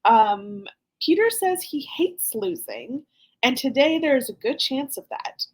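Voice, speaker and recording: Animated woman recapping a reality show. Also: high voice, slow pace. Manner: animated, laughs often. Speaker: podcast host. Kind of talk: casual recap chat.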